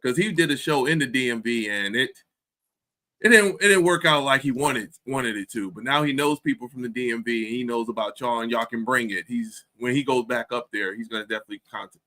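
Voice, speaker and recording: A man's voice: mid-range voice, brisk, sharp tone. A man hosting a show in casual chat, easygoing, laughing along and backing up his guest. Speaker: show host.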